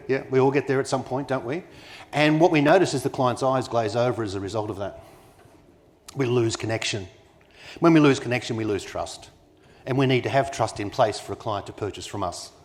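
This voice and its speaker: A man speaks as keynote at a conference, his voice sitting at an ordinary middle pitch. He presses each point home with emphasis and keeps pulling the room in with quick questions like "yeah?" and "you with me?". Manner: engages the audience with rhetorical questions; emphatic, persuasive delivery. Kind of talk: live conference talk. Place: conference venue.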